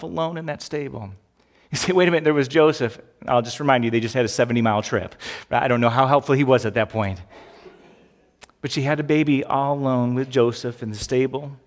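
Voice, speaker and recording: A man's voice: on the high side, in a large hall. Conversational man preaching a sermon. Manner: conversational, animated preaching with rhetorical questions. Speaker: pastor.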